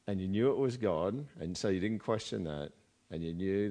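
A man's voice: low voice, normal speed, mellow. Man preaching conversationally. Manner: conversational preaching with rhetorical questions. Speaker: pastor. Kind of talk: sermon.

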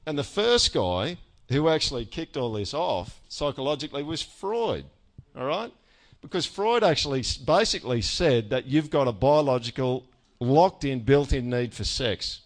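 A male pastor gives a sermon in a loose, conversational style, with a voice of middling pitch. He keeps checking in with his listeners and mixes in self-mocking humor. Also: animated, moderate pace. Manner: conversational, frequent "all right?" check-ins.

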